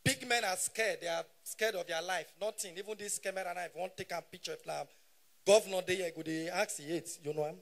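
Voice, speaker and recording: A man in his thirties with a Nigerian Pidgin English accent, doing live stand-up comedy on stage and shouting punchlines in bursts. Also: sits high, a little fast. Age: 30s.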